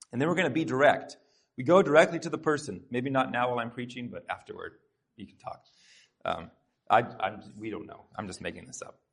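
A man with a husky, slightly breathy voice delivers a sermon in a church sanctuary. He preaches in an earnest, conversational way and turns aside now and then to talk straight to the congregation. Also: on the low side, fairly bright tone. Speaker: pastor.

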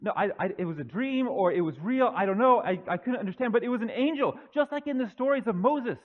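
A man preaching, acting out young Joseph as an excited young man who stammers and gushes into a phone call to his dad. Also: extremely high pitch, fast, pitched above the performer's own voice. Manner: breathless, stammering, gushing. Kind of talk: dramatized monologue in a sermon.

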